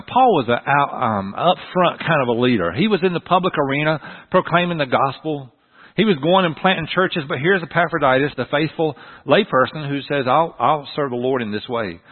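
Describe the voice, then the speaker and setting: A male pastor, delivering a folksy, animated sermon with humor in a church. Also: on the high side. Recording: tinny phone-like sound.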